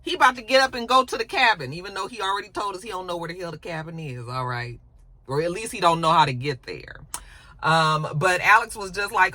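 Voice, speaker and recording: This is a chatty show reviewer walking through an episode in an easygoing vlog. The voice has a bright, forward edge and stays casual and colloquial throughout. They slip in quick impressions of the characters as they retell the scenes. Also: medium pitch, expressive, no echo. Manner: chatty, colloquial, acts out quoted lines.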